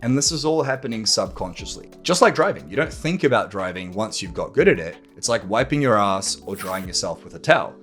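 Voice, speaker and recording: A man's voice: lowish voice, expressive, brisk, few pauses, fairly bright tone, faint music behind. A man hosting a podcast, talking straight to the listener in a blunt manner, swearing freely and acting out arguments. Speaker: podcast host. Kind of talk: monologue to camera.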